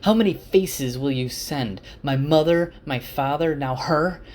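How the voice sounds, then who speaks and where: A man voicing a wary, half-mad young man who sneers and shouts at the night. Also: a little high, measured pace, voice pushed up, natural voice. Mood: defiant shouting.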